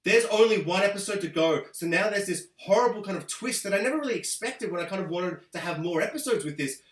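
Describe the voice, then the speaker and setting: A man giving an excitable, gushing TV episode review, laughing often and dropping into voices to quote characters. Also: high voice, fast talker, far from the mic. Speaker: TV review host. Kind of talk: enthusiastic spoken TV review. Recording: roomy echo, a bit off-mic.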